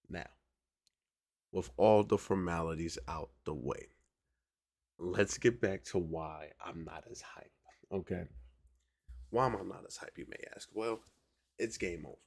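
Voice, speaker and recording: Male podcast host, low and gravelly, talks loose and slangy, keeps pulling the listener in. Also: unhurried, long pauses, darkish tone, no echo, clean studio sound. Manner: conversational, keeps asking "right?" to the listener; slangy, drawling delivery. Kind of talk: casual solo commentary.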